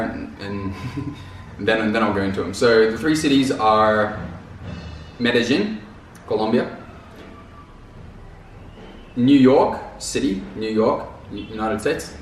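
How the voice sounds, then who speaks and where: A man's voice: medium pitch, far from the mic. Rambling man in a very echoey room. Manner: rambling, loose, repeats words, casual slang. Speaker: vlogger. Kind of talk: casual talk to camera. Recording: very echoey room, off mic, faint noise.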